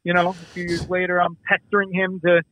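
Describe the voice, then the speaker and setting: Fast-talking, high-voiced man on a call. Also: dry recording. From Midwest US. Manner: animated, swearing, acts out dialogue. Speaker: actor and producer guest. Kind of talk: casual interview storytelling. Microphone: remote call. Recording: dull lo-fi call audio.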